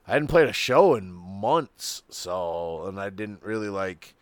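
A man co-hosting a casual fight-talk podcast, his voice going hoarse, loose and profane, stumbling over names. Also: sits low, lively intonation, slow, dry recording. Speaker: podcast co-host. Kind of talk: casual chat.

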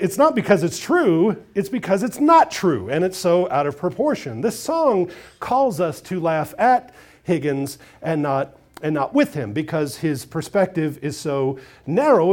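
A man's voice: a little high, big pitch swings, moderate pace, a little mellow. A man pastor reading scripture aloud, praying, then preaching in a conversational way.

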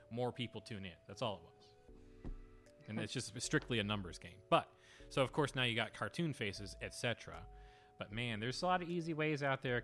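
A man's voice: mid-range voice, fairly bright tone. Opinionated man podcast co-host. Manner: emphatic, opinionated, digressive. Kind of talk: casual chat.

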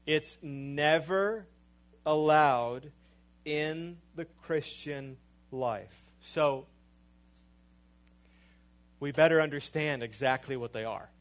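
Slow, emphatic male preacher. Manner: slow, emphatic, dramatic drops to a low mutter. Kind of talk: sermon.

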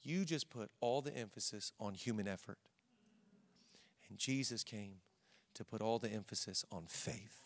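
A man preaching a sermon as a pastor, moving between quiet, joking storytelling and loud, ringing preaching. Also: lowish voice, moderate pace. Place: large church hall. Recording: long hall reverb.

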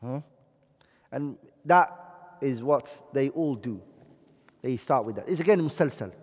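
A man's voice: mid-range voice, lively intonation, slightly rough. Man teaching in an echoey classroom. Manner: explains slowly, checks understanding with questions. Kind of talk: classroom lecture.

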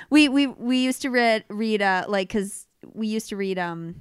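A woman's voice: fairly high pitch, clear, resonant tone, no room sound, studio quality. A woman co-hosting a casual podcast chat, wry and giggly, who now and then acts out quoted lines. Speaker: podcast co-host.

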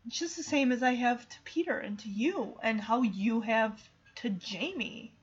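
A woman voicing a guilt-ridden loyal male dog in a low, subdued, remorseful way. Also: unhurried, breathy edge, lo-fi sound.

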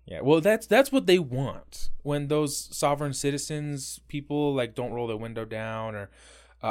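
A man co-hosting a podcast in casual chat, swearing freely and telling stories with quick acted quotes. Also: medium pitch, clean tone. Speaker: podcast co-host.

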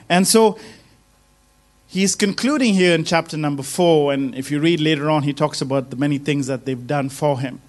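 High-voiced emphatic male preacher. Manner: emphatic, stresses single words, repeats phrases. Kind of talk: sermon.

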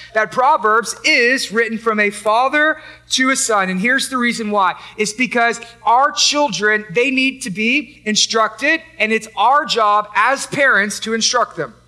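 High, bright-voiced preaching man. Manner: emphatic, repetitive preaching with rhetorical questions. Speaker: pastor. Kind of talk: sermon.

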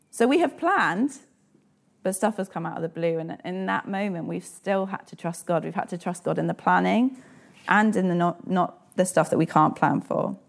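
Earnest woman preaching, gravelly edge. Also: medium pitch. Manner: earnest, personal, asks the listener questions. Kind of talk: sermon.

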